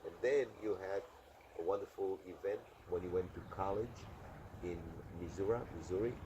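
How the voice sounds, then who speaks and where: A man from Romania interviewing a guest in casual chat, talking with many fillers and pauses. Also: low-pitched, lo-fi sound. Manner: chatty, hesitant, with many fillers. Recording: noisy background.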